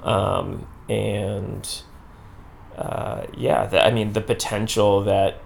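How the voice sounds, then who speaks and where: Casting: gravelly, relaxed man, co-host of a casual chat, hesitant delivery. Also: lowish voice, a little hiss or hum. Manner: laid-back, halting, lots of fillers.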